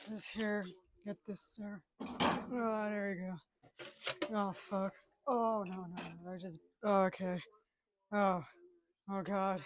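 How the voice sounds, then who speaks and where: Slow-talking cursing woman in a noisy kitchen. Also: medium pitch. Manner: constant cursing and groaning, muttering to herself; melodramatic wailing outbursts. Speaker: comedic vlogger. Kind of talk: crude comedic rambling while doing chores. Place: home kitchen.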